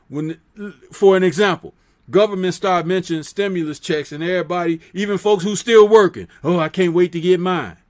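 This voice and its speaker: A man guest on a boxing talk show, speaking in an emphatic, lecturing way with rhetorical questions. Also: high-pitched.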